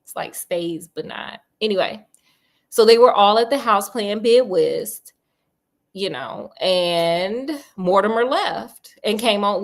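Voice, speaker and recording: A woman retelling a story in a comedic, slangy, animated way, talking straight to her listener. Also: mid-range voice, takes it slowly.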